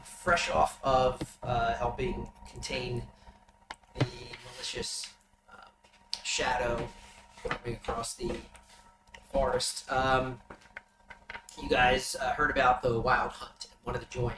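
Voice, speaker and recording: A man running a tabletop game as game master, giving a loose, halting recap of the last session to his players. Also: mid-range voice, flat delivery. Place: room shared with players at the table. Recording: roomy, distant mic, background noise.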